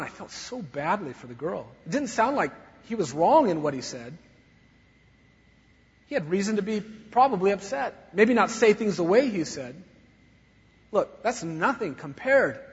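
A man preaching a sermon as a pastor, swinging from soft sorrow to loud fervor. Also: high voice, husky. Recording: dull recording in a long-echo hall.

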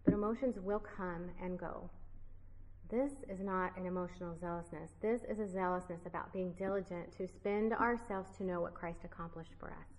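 A woman's voice: fairly low pitch, big-room sound, slight background noise, rough recording. A woman teaching a Bible study group, earnest and emphatic, repeating key phrases and dropping casual, self-deprecating asides to her listeners.

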